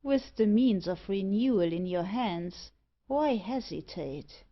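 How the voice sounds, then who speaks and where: A woman's voice: medium pitch, expressive, slow, lo-fi sound. A woman reading the part of a sinister, demonic man in a black cloak, speaking in a cold, peremptory, scornful way. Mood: commanding.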